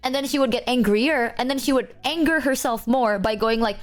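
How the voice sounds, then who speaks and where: A young woman streamer in casual chat, telling animated stories and acting out friends in exaggerated voices. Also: brisk. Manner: animated storyteller, acts out friends in high voices. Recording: faint music underneath.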